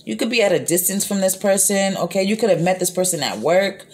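A woman's voice: medium pitch, lively intonation, fairly quick. A woman giving a casual tarot reading into her phone, rambling and repeating herself with lots of fillers, blunt and sometimes profane. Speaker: tarot reader.

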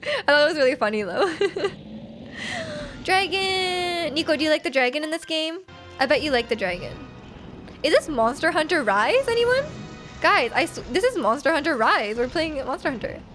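A bubbly young woman with a bright, high voice chats with her viewers while playing, laughing often and teasing them. Her reactions jump up excitedly at tense moments in the game. Faint game music plays quietly behind her. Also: moderate pace. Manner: giggly and excitable, reacting loudly to gameplay; reads chat aloud and teases viewers. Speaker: streamer. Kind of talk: casual live game stream, chatting with viewers.

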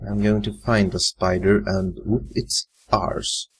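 A man's voice: lowish voice, steady tone, slow, husky, low-quality recording. A man giving casual gameplay commentary, muttering his thoughts aloud to himself. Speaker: let's play gamer.

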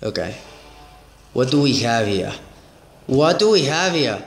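A man hosting a gaming channel, commenting excitedly on a mobile game, exclaiming and repeating his phrases. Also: on the high side, a little slow, pauses often, reverberant, soft background music.

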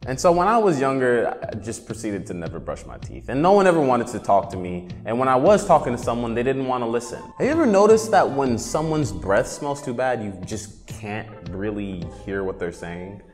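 A young man in his twenties, hosting a comedic rant vlog in an animated, rambling way. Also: mid-range voice, normal speed. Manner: animated, rambling, jumps into silly voices. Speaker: vlog host. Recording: reverberant room with faint music.

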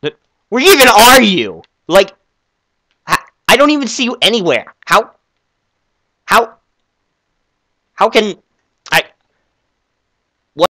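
Young man, excitable, stammering, lively bright voice, slow delivery. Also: sits high, no room sound. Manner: excitable, stammering, easily flustered. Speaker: video creator. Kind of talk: comedic game skit.

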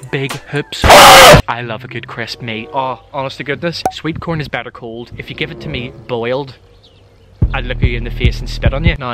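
A young man hosts a casual reaction vlog, throwing out playful, exaggerated rants. His voice sits at an ordinary middle pitch for a man. Loud background music plays under his talk. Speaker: vlogger.

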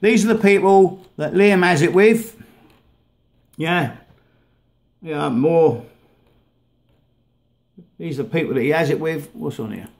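A vlogger ranting angrily while playing clips of videos, swearing heavily and stumbling over repeated words. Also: male voice, a little high, vocal fry. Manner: swears heavily, halting and repetitive. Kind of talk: angry rant over played videos.

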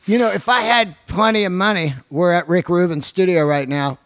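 A man's voice: high voice, moderate pace, no echo, studio quality. Loose, profane man hosting a podcast. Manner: loose, profane, rambling storyteller. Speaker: podcast host. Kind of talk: casual chat. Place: recording studio.

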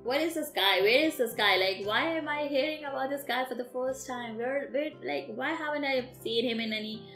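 A woman reacting to a music performance, exclaiming and firing off astonished questions. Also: high voice. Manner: exclaiming, rapid-fire questions. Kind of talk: excited reaction commentary. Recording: echoey room with loud music.

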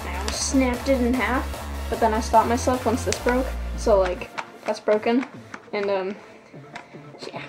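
A woman's voice: a little high, rough recording. Giddy rambling woman vlogger, music behind. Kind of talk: casual rambling vlog talk. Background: song playing in the background.

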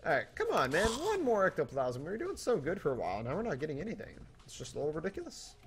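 Animated young man playing a game. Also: fairly high pitch, quick pace, noisy background. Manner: animated, jokey, talks to the game and to viewers. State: tipsy from drinking. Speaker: gaming YouTuber. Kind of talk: let's play commentary. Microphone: desktop mic without pop filter.

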